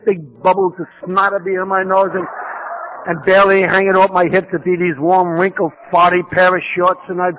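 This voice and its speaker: A man with a somewhat high voice tells his life story to a conference audience. He mocks himself and keeps repeating vivid details. The old tape sounds muffled and dull. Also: level tone, moderate pace, fairly bright tone. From New York. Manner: humorous, self-mocking storytelling with vivid repetition. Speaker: speaker sharing his recovery story. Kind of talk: storytelling talk at a recovery conference.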